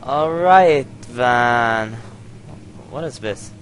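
A man's voice: medium pitch, lively intonation, very slow, a bit bright. A man commenting on a horror game as he plays, nervous, easily startled and laughing at his own fear. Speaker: let's play host. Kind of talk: jittery gameplay commentary.

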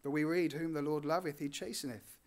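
A male preacher with a fairly high voice delivers a sermon in an earnest way. He swells on important words and then sinks to quiet, low endings. His pitch sits above most men's. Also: fairly even intonation, brisk. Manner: earnest, rising on key phrases and dropping softly at line ends.

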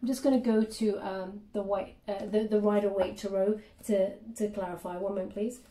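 A woman doing a chatty tarot reading with many fillers, now and then dropping into soft murmured prayers. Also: mid-range voice, steady tone, moderate pace. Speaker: tarot reader. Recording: roomy, distant from the mic.

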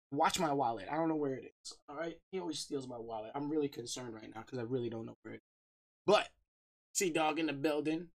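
Upbeat man streamer shouting out viewers. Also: on the high side, slight background noise. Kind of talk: casual livestream chat.

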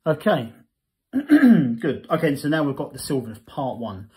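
A man's voice: on the high side, sing-song, unhurried, darkish tone. Chatty man reviewing a hobby magazine. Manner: chatty, self-correcting, reads text in bursts. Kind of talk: casual magazine review, reading passages aloud.

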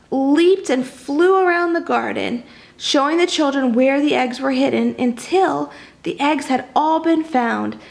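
High, gravelly woman reading to kids. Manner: animated, chatty asides to young listeners. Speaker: children's storybook reader. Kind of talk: reading a picture book aloud to kids.

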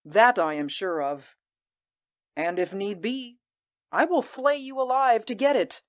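A woman voicing a proud, ambitious warrior queen, speaking in an intense, measured and commanding way in an audio drama. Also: mid-range voice, lightly acted. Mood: proud, fierce. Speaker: voice actor.

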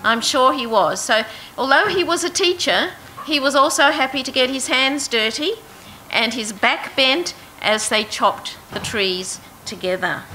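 A woman's voice: on the high side, bright, forceful tone, slight background noise, low-quality recording. A woman teaching a Bible passage to a group, reading verses aloud and asking her listeners questions. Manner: asks the audience questions, reads verses aloud. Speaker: preacher.

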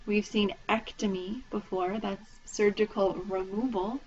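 A woman's voice: mid-range voice, fairly even intonation, unhurried. Woman, instructor, patient recorded lecture, spells terms out letter by letter, muffled lo-fi sound. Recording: dull lo-fi lecture recording with faint noise.

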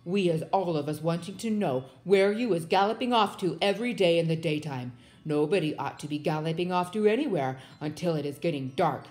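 A woman voicing a huge, bullying, man-eating male giant who booms loud and taunting words. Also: expressive, a little fast, close to an everyday voice. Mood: menacing.

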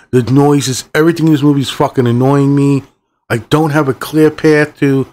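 A middle-aged man hosting a movie review channel, ranting in a heated, rambling way and swearing often. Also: medium pitch.

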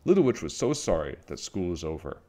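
Lively low-voiced man reading a storybook. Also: a little fast. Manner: animated, expressive, playful sound effects. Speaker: children's book reader. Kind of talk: storybook read-aloud.

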